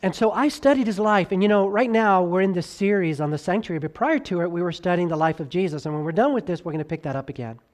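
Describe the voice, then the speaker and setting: A male pastor preaching a sermon, swinging from loud emphatic highs to hushed lows and drawing out key words slowly, with conversational asides and stammered restarts.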